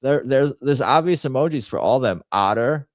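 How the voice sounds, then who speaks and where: A man's voice: medium pitch, lively intonation, moderate pace, dry recording. A man hosting a casual livestream, rambling and muttering to himself as he types up a poll. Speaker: host.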